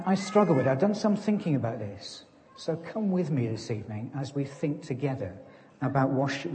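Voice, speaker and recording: Male preacher, mellow voice, chatty and self-mocking, church reverb. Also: medium pitch, a little hiss or hum. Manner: conversational, self-deprecating, plays farmer joke. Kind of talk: sermon.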